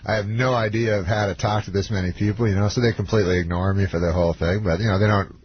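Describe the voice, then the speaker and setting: Deadpan rambling man telling a story. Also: fairly low pitch, husky, highs cut off. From Canada. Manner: deadpan, halting, lots of fillers. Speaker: comedian guest.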